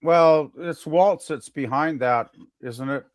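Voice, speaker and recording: A man's voice: fairly high pitch, takes it slowly, no room sound, studio quality. A man co-hosting a podcast in casual chat, rambling with lots of fillers and restarts.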